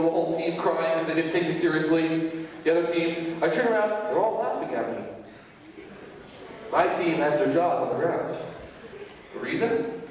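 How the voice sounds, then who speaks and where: A man's voice: on the high side, slight background noise. A man gives a speech at a school assembly, telling stories animatedly and talking straight to the students. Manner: animated storytelling that addresses the crowd directly. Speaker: motivational speaker at a school assembly. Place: large school gymnasium. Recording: very echoey gym from far off.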